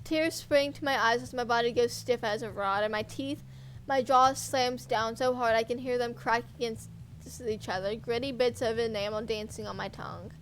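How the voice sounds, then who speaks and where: A woman's voice: a little high, steady tone, normal speed, slight background noise, rough recording. A woman streamer reading a horror visual novel aloud in first person, intense and dramatic, with offhand asides.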